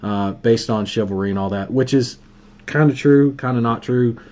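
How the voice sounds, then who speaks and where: A man with a Southern Alabama accent talks casually on a video call, spinning folksy stories and laughing along the way. His voice sits at an ordinary middle pitch. The call audio is dull and lo-fi. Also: normal speed, mellow. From Birmingham, Alabama. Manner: folksy, storytelling, laughs often. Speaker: host of a marketing live call. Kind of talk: casual coaching chat.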